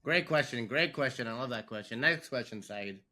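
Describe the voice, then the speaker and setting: A man's voice: medium pitch, expressive, a little fast, pushed and bright. A man co-hosting a podcast, teasing his guest in laid-back banter and calling him "bro" and "mate.". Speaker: podcast co-host.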